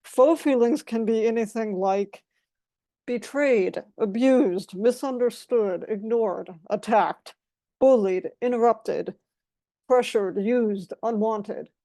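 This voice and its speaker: A woman's voice: on the high side, slow, warm tone, no room sound. A woman giving an explanatory talk as a guest speaker, defining terms one by one in a methodical way.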